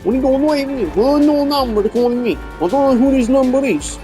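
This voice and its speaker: A man putting on a high, whiny voice as a frightened man terrified of an unknown caller. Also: fast, mellow, faint music behind. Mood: scared. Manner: whiny, panicky, high-pitched.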